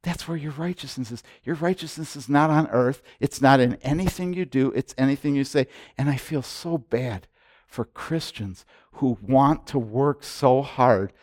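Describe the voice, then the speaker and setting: A man preaching as pastor, emphatic and repetitive, his voice swelling loud on key points. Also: mid-range voice, normal speed, dry recording, clean studio sound. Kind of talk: sermon.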